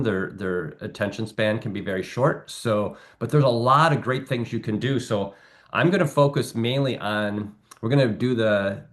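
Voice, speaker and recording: Easygoing man teaching a qigong class. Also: fairly low pitch. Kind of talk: teaching explanation. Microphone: video call.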